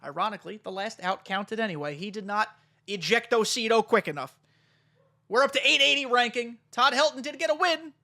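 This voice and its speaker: A man giving excitable, chatty live commentary on his own baseball video game play, talking straight to his viewers. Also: high-pitched, fairly quick, gravelly. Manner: excitable, chatty, talks to chat. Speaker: gaming YouTuber.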